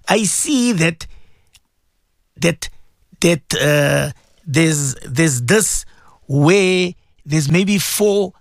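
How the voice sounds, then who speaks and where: Lively, emphatic radio preacher. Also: medium pitch, no room sound, clean studio sound. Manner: emphatic, repeats phrases, rhetorical questions; mixes Arabic religious phrases into English. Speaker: radio show host.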